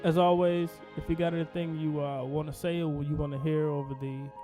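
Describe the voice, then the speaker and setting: A man's voice: a little high, flat delivery, brisk, dark tone, soft background music. A man co-hosting a comedy podcast in a laid-back, easy-laughing chat. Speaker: podcast co-host. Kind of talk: casual chat.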